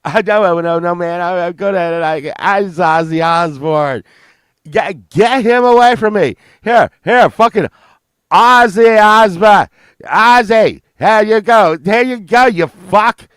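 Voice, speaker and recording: A man's voice: high-pitched, slow, a bit bright, clear, resonant tone, no echo, clean studio sound, pitched above the performer's own voice. A man impersonating a frazzled older male rock star, squealing, swearing and frantic. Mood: frantic shouting.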